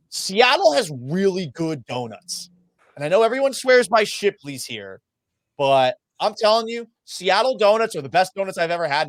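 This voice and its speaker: A fairly high-voiced man, a sports radio host, tells lively anecdotes with plenty of swearing and jokes at his own expense. He is from Massachusetts. The sound is dry and close. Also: no room sound. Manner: self-deprecating, profane, animated anecdotes. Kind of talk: casual storytelling in a podcast interview.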